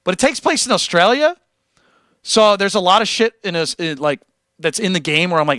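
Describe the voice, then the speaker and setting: A man hosting a livestream who chats casually with his viewers and reads out their comments. He talks in an animated, joking way and swears freely. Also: high-pitched, brisk, dry recording, clean studio sound. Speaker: livestream host and guitarist.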